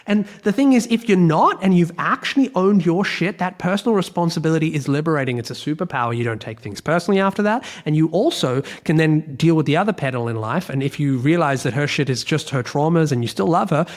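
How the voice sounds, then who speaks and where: A man's voice: a little high, animated, fast, hardly any pauses. Blunt, swearing Australian man. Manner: blunt and emphatic, swears freely, repeats key phrases. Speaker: podcast host, relationship coach. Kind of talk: solo podcast monologue.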